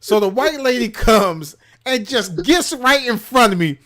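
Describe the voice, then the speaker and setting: A man from Maryland, co-hosting a gaming show, telling a profane story in casual chat and shouting out the lines he quotes. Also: very high-pitched, expressive, a little slow. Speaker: podcast co-host.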